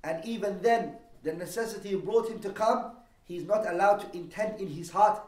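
A man teaching a lesson on Islamic law, explaining terms and posing rhetorical questions, quickly reading Arabic texts and then translating them. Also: high-pitched, a little mellow. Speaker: religious teacher. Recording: echoey room, voice from a distance.

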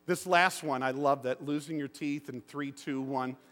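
A man's voice: medium pitch, normal speed. A middle-aged man preaching as pastor in a church, telling stories with acted-out quotes. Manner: animated storytelling with voiced quotes. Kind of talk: sermon. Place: church sanctuary. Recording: long hall reverb.

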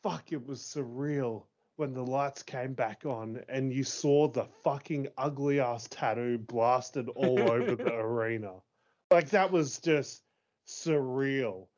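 A man in his thirties co-hosting a casual chat. He talks excitably, swears freely and laughs often. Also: mid-range voice, takes it slowly. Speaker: podcast co-host. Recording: dull lo-fi sound.

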